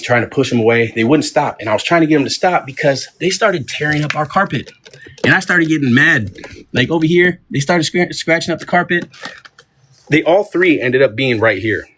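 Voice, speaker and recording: A man's voice: mid-range voice, slight background noise. Chatty man telling a story at home. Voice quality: animated, lots of restarts and "I'm like" quotes. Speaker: vlogger telling a pet story. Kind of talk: casual storytelling to viewers. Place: home, indoors.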